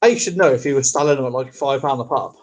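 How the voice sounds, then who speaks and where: A man's voice: mid-range voice, fast talker. A man co-hosting a casual chat show, reading out viewer comments and laughing at himself. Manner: self-deprecating, reads viewer comments aloud. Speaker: co-host.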